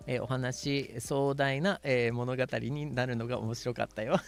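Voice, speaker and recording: A man's voice: medium pitch, fairly even intonation, a little fast, creaky, soft background music. A man hosting a casual chat stream, reading viewer messages in a playful, giggly way and mixing English and Japanese with cat-like "nyan" sign-offs. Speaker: streamer host.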